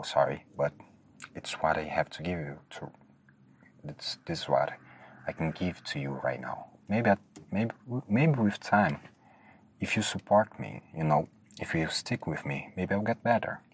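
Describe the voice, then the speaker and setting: A man's voice: a bass voice, normal speed, breathy edge. A man hosting a solo podcast, rambling nervously and hesitantly, often apologizing for how he talks. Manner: hesitant, self-deprecating, restarts often. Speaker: podcast host.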